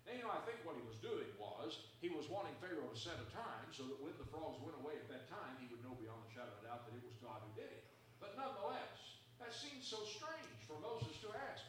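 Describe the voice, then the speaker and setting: Preacher with a lively, bright voice. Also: male voice, high-pitched, moderate pace, roomy sound, distant mic, slight background noise. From Southern US. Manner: storytelling, rising to loud emphatic exhortation. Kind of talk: sermon.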